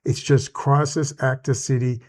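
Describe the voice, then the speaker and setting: A man's voice: mid-range voice, flat delivery, measured pace. Agitated Australian man ranting. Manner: agitated, rambling, profane. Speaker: channel host. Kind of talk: angry commentary rant.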